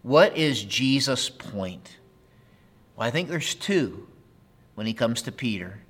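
A man's voice: medium pitch, very animated, slow, fairly bright tone, breathy edge. A man preaching a sermon in a conversational way, with playful asides and acted-out quotes. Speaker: pastor.

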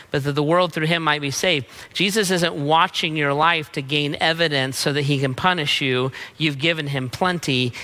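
A man's voice: a little high, bright, forceful tone. A man preaching a sermon in a punchy, emphatic way, mixing in casual slang. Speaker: pastor.

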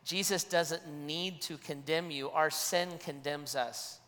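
A man's voice: on the high side, fairly even intonation, slow, bright, forceful tone, in a large hall. A man preaching a sermon as a pastor, earnest, often restarting and repeating his phrases.

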